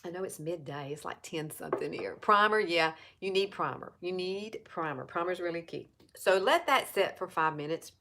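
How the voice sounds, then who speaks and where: A woman in her fifties with a lowish voice and an Alabama Southern accent. She walks viewers through a makeup routine in a chatty, casual way, repeating her points and speaking to them directly. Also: a bit bright. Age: 50s. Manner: chatty, repeats herself, talks straight to viewers. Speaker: makeup seller and vlogger. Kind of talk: casual live makeup tutorial.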